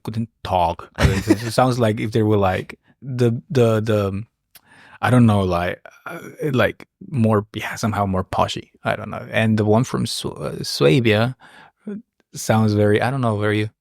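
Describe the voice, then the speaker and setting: Low-voiced man, native Spanish speaker. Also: unhurried, vocal fry, no echo, studio quality. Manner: relaxed, hesitant, chuckles often. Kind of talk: casual conversation.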